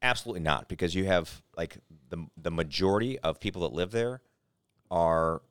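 A man on a podcast, rambling and hesitant, telling animated stories. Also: low voice, moderate pace, smooth, no echo, clean studio sound. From St. Louis, Missouri, US. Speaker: podcast co-host. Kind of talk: casual chat.

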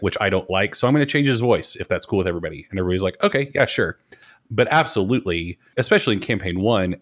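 A low, deep-voiced man speaks as a game master in an easygoing podcast chat. He is self-deprecating and candid. The recording sounds dull and a little lo-fi. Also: a bit bright. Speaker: game master and host of a broadcast tabletop game show. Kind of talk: relaxed podcast conversation.

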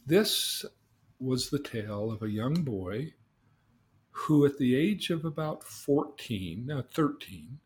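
A man hosting a podcast, telling a long story in an animated way, often repeating words as he starts a thought. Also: medium pitch, slow. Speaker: host.

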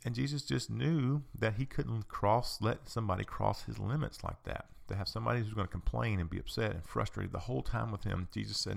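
A man's voice: lowish voice, fairly quick, gravelly, few pauses. A man hosting a podcast, giving a conversational teaching talk and repeating his points for emphasis. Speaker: podcast host.

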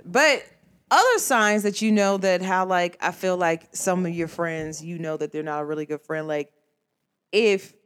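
A woman rants to her audience in a casual, conversational monologue. She talks in an emphatic, slangy way and speaks straight to the listener. Her pitch swings widely as she makes her points. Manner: emphatic, slangy and conversational, addresses viewers directly. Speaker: vlogger.

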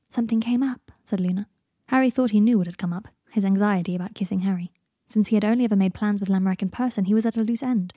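A woman reading a fan story aloud, softly, often slipping into a whisper. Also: mid-range voice, dry recording, clean studio sound. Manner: soft voice, dropping into whispers for narration tags. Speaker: fan fiction reader. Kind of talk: audiobook narration.

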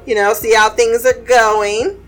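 A woman recaps a show in a relaxed, unhurried voice that sits a bit high. She is animated and laughs easily. Faint music plays underneath her. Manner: animated, laughing, acts out quotes. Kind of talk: casual podcast recap.

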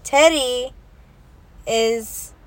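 A woman's voice: fairly high pitch, drawn-out words. A young woman in casual chat who swears freely, laughs often and drops Spanish words into her talk. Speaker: vlogger.

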